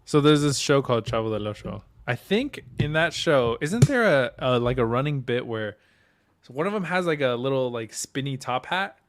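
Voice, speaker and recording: A man's voice: mid-range voice, big pitch swings, moderate pace, slight background noise. A man co-hosting a podcast in casual chat, rambling, laughing often and swearing. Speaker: podcast co-host.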